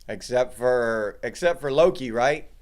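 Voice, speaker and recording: Loosely chatting on his livestream, a middle-aged host welcomes viewers in the chat, speaking in a mid-range voice at a measured pace.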